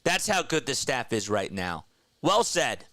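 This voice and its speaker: A young man hosting a casual baseball fan livestream, excitedly talking to his chat. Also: medium pitch, a little slow, dry recording. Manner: excited, animated, talks to chat as "bro" and "man". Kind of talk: casual post-game fan talk, reading chat.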